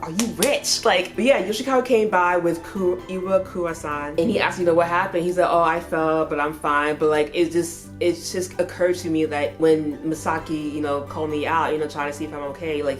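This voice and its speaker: A young woman reviewing a manga in a casual spoken way, full of "like" fillers. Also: low-pitched. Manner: chatty, heavy use of "like" fillers.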